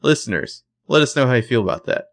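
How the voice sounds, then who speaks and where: A man co-hosting a podcast, recapping a TV episode in an animated, profane, opinionated way. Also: medium pitch, fast talker. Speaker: podcast co-host. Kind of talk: casual TV recap chat.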